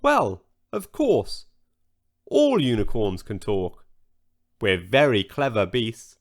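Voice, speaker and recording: A man's voice: mid-range voice, wildly swooping pitch, takes it slowly. A man voicing a vain, pompous male unicorn in a children's story, haughty and sulky by turns. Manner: haughty, sulky, self-admiring.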